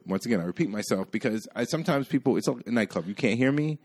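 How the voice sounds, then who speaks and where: A man telling a bartending story in casual chat, animated and acting out the people he quotes. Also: mid-range voice, quick pace, slightly rough.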